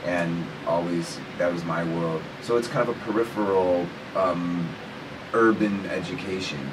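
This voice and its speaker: Laid-back deep-voiced man in a noisy room. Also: measured pace, far from the mic. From Chicago. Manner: animated, rambling storyteller with playful asides. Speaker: actor guest. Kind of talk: casual radio interview chat.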